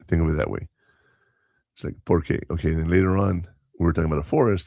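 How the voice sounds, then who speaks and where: Low gravelly male podcast co-host, rambling anecdotal storyteller, dry close sound, casual chat. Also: fairly even intonation, quick pace, mellow, dry recording. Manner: rambling, anecdotal, with self-corrections and quoted dialogue. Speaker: podcast co-host and substitute teacher.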